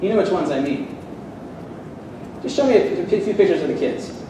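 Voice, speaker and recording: A man's voice: sits high, sing-song, normal speed, background noise. A man giving a sarcastic, fired-up debate speech to a live audience at a seminary. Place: seminary hall. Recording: echoey hall, distant mic.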